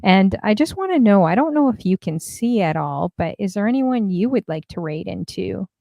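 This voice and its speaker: A woman's voice: medium pitch, animated, moderate pace, creaky, warm tone, no room sound, studio quality. A woman hosting a casual livestream, chatting and reading viewer messages aloud with lots of fillers. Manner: chatty, many fillers, reads comments aloud. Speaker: stream host.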